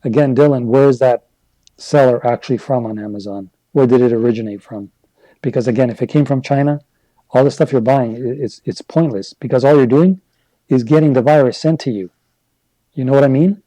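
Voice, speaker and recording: A man's voice: medium pitch, a little fast, warm tone, no echo, rough recording. A man from Canada hosting a casual livestream, reading viewer chat and rambling into heated rants. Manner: conversational, rambling, gets worked up into rants.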